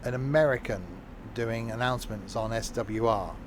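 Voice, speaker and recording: A man's voice: mid-range voice, moderate pace, background noise. A British man chatting casually as he streams a train game, rambling into asides. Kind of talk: casual gameplay commentary.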